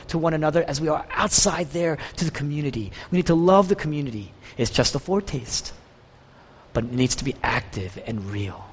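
A man preaching a sermon as pastor, passionate, with wide swings in pitch and volume. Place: church sanctuary. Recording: church hall with long reverb.

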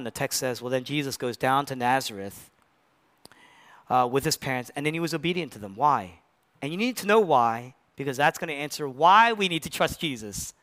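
A man preaching a sermon. He acts out voices from the story and drops from loud emphasis to hushed near-whispers. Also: fairly high pitch. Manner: acts out quoted voices of Mary and Jesus. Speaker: pastor.

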